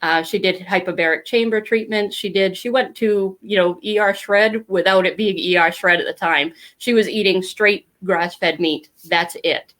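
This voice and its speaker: A woman's voice: mid-range voice, normal speed, few pauses, fairly bright tone. A middle-aged woman telling her family story as a podcast guest, candid and talkative, with many fillers. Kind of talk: casual interview storytelling.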